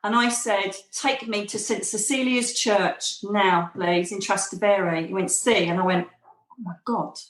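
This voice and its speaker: A woman's voice: mid-range voice, steady tone, a little slow, hardly any pauses, roomy sound, rough recording. A middle-aged woman, a podcast guest, telling a personal story animatedly and acting out quoted voices. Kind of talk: storytelling in an interview.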